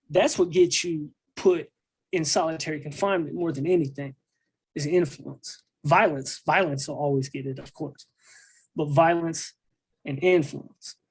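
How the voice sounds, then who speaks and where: A man's voice: on the high side, no room sound. A man telling a rambling story in casual street slang, often checking in with his listener. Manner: rambling street slang, keeps asking "you know what I mean". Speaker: guest recounting prison life.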